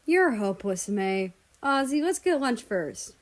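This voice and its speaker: A woman's voice: a little high, very animated, unhurried. A woman reading aloud voices a weary older brother. He speaks in a dry, exasperated way, plainly tired of his siblings' antics.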